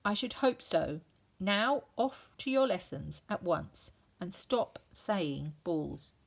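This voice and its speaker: A woman's voice: medium pitch, lively intonation, slow, gravelly, heavily acted. A woman voicing a bossy, stern headmistress who barks orders, in a storybook reading. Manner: barking orders.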